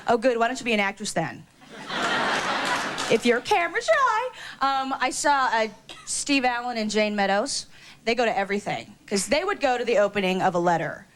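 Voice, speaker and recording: A woman doing a stand-up routine on stage, gossipy and quick with asides and fillers. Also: on the high side, big pitch swings, background noise. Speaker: stand-up comedian.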